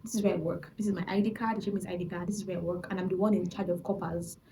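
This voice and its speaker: A woman voicing a calm, helpful man. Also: sits high, rapid-fire, noisy background. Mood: reassuring. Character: helpful middle-aged male fellow passenger, calm.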